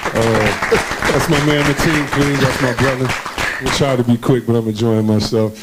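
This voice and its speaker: A man's voice: mid-range voice, fairly even intonation, moderate pace, a loud crowd, heavy background noise. A man, a former basketball player being interviewed on a conference stage, tells his stories casually and animatedly, acting out the voices of people he quotes and laughing often.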